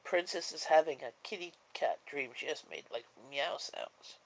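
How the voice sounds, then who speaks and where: A woman's voice: low voice, very animated, normal speed, gravelly, slight background noise, low-quality recording. A woman chats on a live stream in an easygoing, meandering way, full of "um" and "like." She sounds sleepy and keeps yawning between thoughts, drifting from one topic to the next. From Canada. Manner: rambling and chatty, many fillers. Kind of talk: casual live-stream chat.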